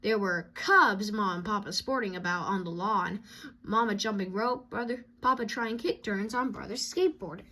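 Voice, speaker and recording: A woman reading a children's picture book aloud in an expressive way. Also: medium pitch, normal speed. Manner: expressive, sound-effect dings between pages. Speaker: storybook reader.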